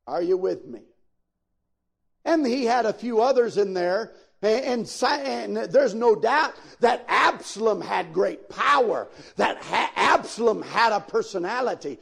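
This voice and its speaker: A male pastor delivers his sermon in an unhurried, deliberate way, his voice high and edged with gravel. He leans toward his listeners, asking them directly if they follow, and pushes into sudden loud emphatic peaks. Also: expressive. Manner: preaching with sudden emphatic swells; folksy, addresses listeners directly.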